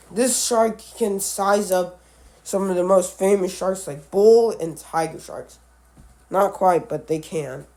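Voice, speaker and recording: A man giving casual commentary on animal matchups, halting and often correcting himself, with offhand musing asides. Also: sits high, gravelly, a little mellow. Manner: halting, with frequent restarts and self-corrections. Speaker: animal video creator.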